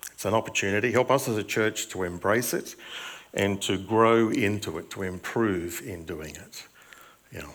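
A man's voice: fairly low pitch, a bit bright. An older man preaching a chatty sermon to a church, joking about himself and quizzing the children. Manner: chatty and self-mocking, asks the children questions. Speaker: pastor. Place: church hall.

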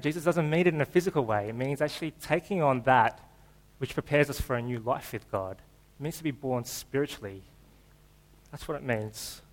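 A man's voice: medium pitch, rough recording. A man preaching a sermon in a church, in a casual, joking, conversational way. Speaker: pastor.

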